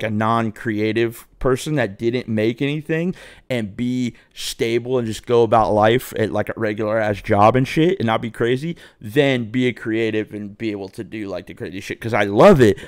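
A man's voice: lowish voice, smooth, no echo, studio quality. A young man telling a rambling, profane story to his viewers in a casual way. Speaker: vlogger.

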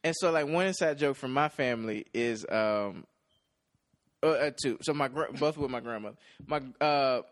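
A man's voice: mid-range voice, normal speed. A man co-hosting a podcast, telling a family story casually with some laughter. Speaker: podcast co-host. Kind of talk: casual chat.

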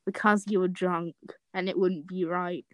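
A woman voicing a gentle young man love interest, speaking slowly and softly in a comic fanfic reading. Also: lowish voice, level tone, no room sound, lightly acted. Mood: tender. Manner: slow, soft, drawn-out delivery.

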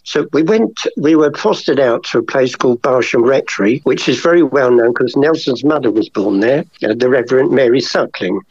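A man's voice: mid-range voice, expressive, normal speed, few pauses, darkish tone, breathy edge, dry recording. An older man, a painter telling long rambling stories about his childhood as an interview guest. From England. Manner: rambling, chatty, many asides. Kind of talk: casual storytelling interview. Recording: slightly dull lo-fi audio.

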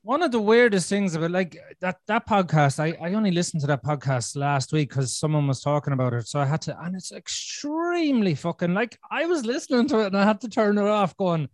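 A man's voice: sits high, very animated, a little fast, few pauses, no room sound. A man with an Irish accent talking bluntly and swearing freely as a podcast guest in a casual conversation.

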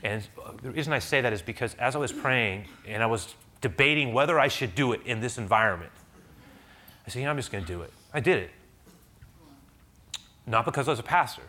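A male pastor delivers a sermon as a rambling personal story. His voice is bright and clear at a middling pitch, conversational with restarts and fillers. At its peaks he climbs into loud, high-pitched preaching.

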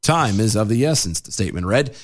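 A man's voice: fairly low pitch, animated, fairly quick, a little hiss or hum. A man co-hosting a casual podcast, reading news quotes aloud and ranting in exasperation. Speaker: podcast co-host.

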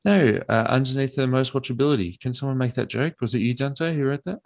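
A man's voice: mid-range voice, quick pace. A man with an Australian accent hosting a casual late-night podcast chat, joking and laughing often. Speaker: podcast host.

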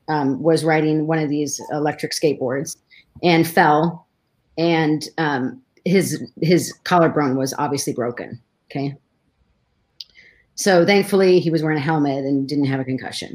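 A woman's voice: low voice, a little mellow. A middle-aged woman, a guest in a conversation, telling a personal story with emotion and many restarts.

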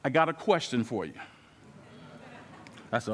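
A male guest preacher telling a story in a sermon, animated and acting out the dialogue in different voices. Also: brisk, pauses often, slight background noise. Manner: animated, acts out quoted dialogue with shifting pitch. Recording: long hall reverb.

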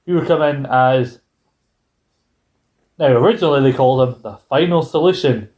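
A man co-hosting a podcast, rambling through wrestling history in casual chat with quick asides and casual swearing. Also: mid-range voice, darkish tone. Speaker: podcast co-host.

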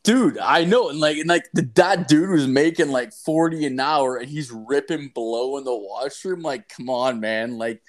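A man's voice: medium pitch, moderate pace, few pauses. A young man in casual chat, rambling through a story with constant swearing and filler words.

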